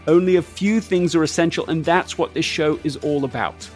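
A man hosting a podcast interview, calm and measured in his delivery. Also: a little high, faint music behind. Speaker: podcast host.

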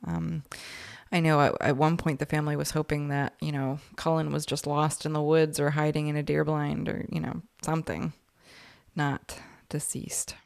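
Podcast co-host, woman: low and gravelly yet smooth, chatty true-crime storyteller, dry close sound. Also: level tone, normal speed, a little mellow, dry recording. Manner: chatty, says "like" often.

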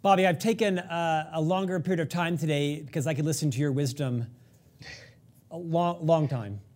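A man's voice: fairly high pitch, moderate pace, darkish tone. A man hosting an interview and prompting his guest to tell a story, in an admiring manner. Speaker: host. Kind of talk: interview conversation.

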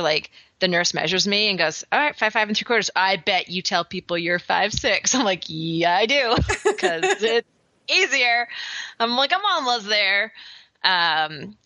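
A chatty woman co-hosting a podcast, her voice bright and a little low. The sound is close and dry, with a slightly dull, lo-fi quality. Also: dry recording. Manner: chatty, laughing, lots of fillers. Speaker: podcast co-host. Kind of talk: casual chat.

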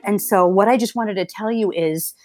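A woman's voice: medium pitch, moderate pace, dry recording. A woman hosting a podcast, speaking earnestly to listeners in a casual intro with many ums. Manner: earnest, with frequent ums and uhs. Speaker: podcast host. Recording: faint guitar music underneath.

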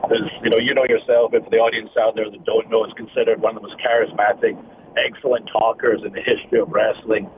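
A man's voice: fairly low pitch, level tone, fast, slight background noise. Scottish man on a tinny phone line. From Scotland. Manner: earnest, reflective storytelling. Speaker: guest wrestler. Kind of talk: casual interview over the phone.

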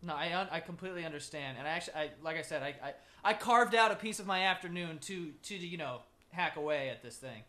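A young man co-hosting a podcast from a makeshift home studio, joking loudly and crudely in casual banter. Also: fairly high pitch, fast, few pauses. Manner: loud, joking, crude, animated. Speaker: podcast co-host.

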